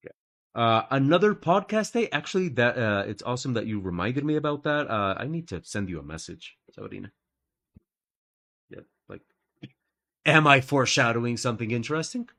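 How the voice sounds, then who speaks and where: A man's voice: medium pitch, animated, a little fast, a bit bright. A man hosting a live art stream in casual chat, playful and jokey, often laughing at himself.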